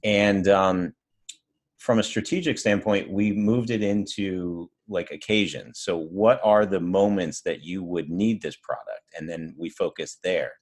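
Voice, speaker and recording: A man speaking as a podcast guest, telling relaxed stories from his agency work with fillers and chuckles, from his home office. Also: deep voice, unhurried. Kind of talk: casual podcast conversation.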